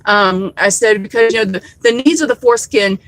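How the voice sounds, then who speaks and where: A woman's voice: mid-range voice, a little fast, a bit bright, dry recording, poor audio. A woman vlogger telling a story to her viewers in a rambling, candid way, swearing freely. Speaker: activist vlogger.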